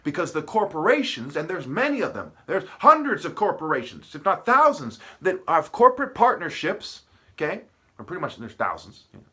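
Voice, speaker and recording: A man's voice: a little high, wildly swooping pitch, brisk, sharp tone, husky. A man at his desk delivering a heated, profane monologue, repeating himself and playing on word sounds. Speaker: vlogger. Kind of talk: ranting monologue.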